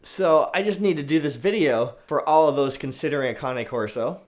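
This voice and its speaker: A man vlogging casually to the camera as a dog owner, telling a story in a chatty way and sometimes talking softly to his dog. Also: a little high, fairly quick. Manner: chatty storytelling, soft baby-talk to the dog.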